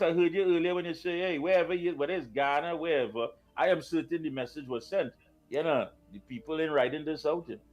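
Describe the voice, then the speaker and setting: A Trinidadian man co-hosts a live talk show in a slightly raised voice. He teases and repeats phrases in playful banter. Faint music plays behind him. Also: on the high side. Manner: playful, teasing, repetitive.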